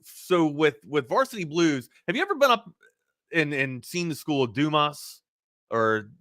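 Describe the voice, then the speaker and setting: A man with a slight Baltimore accent co-hosts a sports talk show, rambling and animated as he breaks down games. His voice is bright and forceful. It is recorded dry and close on a studio mic. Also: on the high side, a little slow, no echo.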